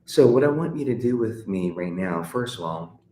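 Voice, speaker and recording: A man's voice: on the low side, lively intonation, normal speed. A middle-aged man teaching a livestream guitar lesson, chatty and encouraging, with many fillers and restarts. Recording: echoey room with faint noise.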